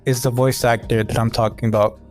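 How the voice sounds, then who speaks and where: A man's voice: medium pitch, flat delivery, brisk, darkish tone, faint music behind. A man on a podcast, telling a story loosely with many fillers and restarts. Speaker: podcast guest. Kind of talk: casual podcast chat.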